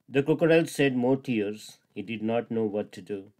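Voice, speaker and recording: A man narrating a children's fable in a steady, simple read-aloud manner. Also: medium pitch, moderate pace, hardly any pauses. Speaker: storyteller. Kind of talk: storybook narration.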